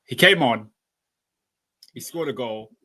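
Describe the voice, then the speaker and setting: A man's voice: medium pitch, lively intonation, slow, crowd noise. A man co-hosting a football podcast, retelling a funny story in playful banter. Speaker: podcast co-host. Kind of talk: casual football chat.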